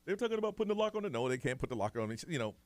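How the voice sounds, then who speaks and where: Male morning radio host, animated storyteller, quick pace, wide pitch swings. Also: dry recording. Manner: animated storytelling, quotes family in voices. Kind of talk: casual morning radio chat.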